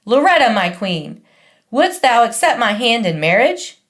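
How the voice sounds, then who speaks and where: A woman's voice: a little high, sing-song, unhurried, a bit bright. A woman voicing a clever young boy who acts cool and mock-grand, in an audiobook. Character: clever, cocky small boy. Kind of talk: audiobook character voice.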